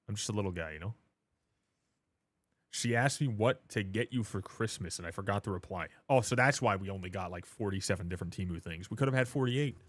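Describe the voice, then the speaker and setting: A man's voice: deep voice, fairly bright tone, no room sound. A man of twenty-seven, hosting a livestream, chatting casually in a joking, rambling, self-mocking way. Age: 20s. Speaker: livestream host.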